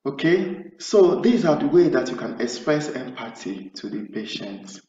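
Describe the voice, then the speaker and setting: Male tutor, mid-pitched, explains patiently and repeats himself. Recorded far off in an echoey room with dull sound. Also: big pitch swings, measured pace, noisy background. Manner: explanatory, acts out sample nurse-patient dialogue; repeats and restarts phrases. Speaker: OET speaking tutor. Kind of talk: spoken lesson. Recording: roomy, distant, dull sound.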